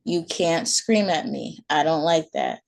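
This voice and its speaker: A woman voicing a patient but firm young mother, gently scolding her child at bedtime. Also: deep voice, unhurried, gravelly.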